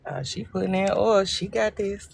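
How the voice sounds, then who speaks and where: A woman with a medium-pitched, slightly rough voice and vocal fry speaks at a normal speed in a Southern accent. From Arkansas, USA, she hosts a casual phone livestream, joking and chatting with viewers.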